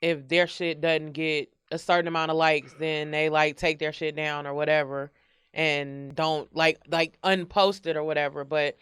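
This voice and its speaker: A man co-hosts a podcast, speaking bluntly and casually with plenty of filler. His voice is bright and smooth, a little higher than average. It is recorded close and dry. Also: level tone, normal speed, no room sound. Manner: blunt, profane, with lots of filler "like". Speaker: podcast co-host. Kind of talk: casual chat.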